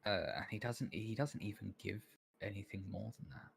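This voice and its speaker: A man's voice: on the low side, normal speed, creaky, slight background noise. A man narrating as game master of a tabletop game, hesitant and full of restarts. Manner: hesitant, many ums and restarts.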